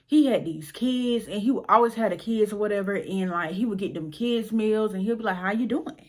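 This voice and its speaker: A young woman vlogger telling a casual storytime tale, animated and slangy, acting out the people in it. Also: medium pitch, fairly quick. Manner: animated, slangy, acts out voices.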